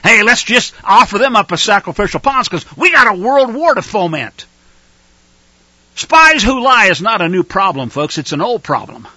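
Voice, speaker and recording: A man delivers a fiery sermon in a bright, piercing voice pitched high for a man. His delivery is lively and wide-ranging, climbing into shouted outbursts. The sound is dry and close. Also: moderate pace, no echo, poor audio. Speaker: preacher.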